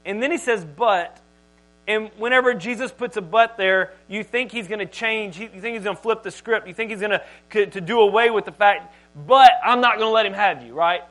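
High-voiced, animated male preacher. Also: moderate pace, rough recording. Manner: animated, emphatic delivery with big swings in loudness. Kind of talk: sermon. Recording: mains hum in background.

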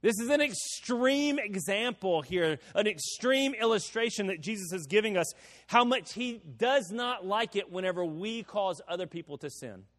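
A man preaching a sermon as pastor, his delivery swelling into sudden loud emphatic bursts. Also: high voice, animated, moderate pace, in a large hall.

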